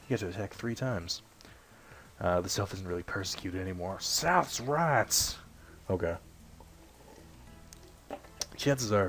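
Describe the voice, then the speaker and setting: A young man casually commenting while playing a video game, rambling and self-deprecating, swearing now and then and often clearing his throat. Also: low voice, slight background noise. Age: young adult. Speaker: let's play host.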